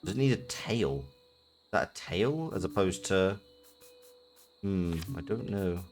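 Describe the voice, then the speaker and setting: A man's voice: sits low, lively intonation, a little slow, darkish tone, slight background noise. Rambling man playing a video game. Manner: rambling, thinking aloud with fillers. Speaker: streamer. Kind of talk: casual let's-play commentary.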